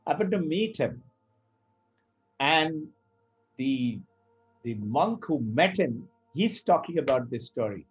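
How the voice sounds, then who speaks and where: A middle-aged man teaching Vedanta, telling a story in an animated way and acting out the characters' lines. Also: on the high side, slow, pauses often, slightly rough, lo-fi sound, soft background music. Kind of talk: spiritual talk with storytelling.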